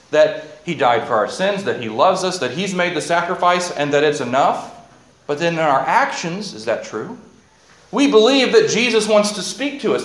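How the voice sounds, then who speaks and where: A man preaching a sermon, joking aside to his listeners and reading scripture slowly. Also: high voice. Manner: animated, jokey asides, reads scripture slowly. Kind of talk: sermon with audience participation. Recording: echoey hall, faint ambience.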